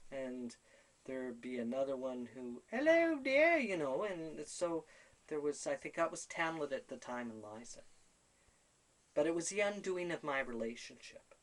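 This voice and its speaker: A man who works as a spiritual medium, telling his own life story in a casual, animated way and acting out other people's voices. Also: medium pitch, poor audio.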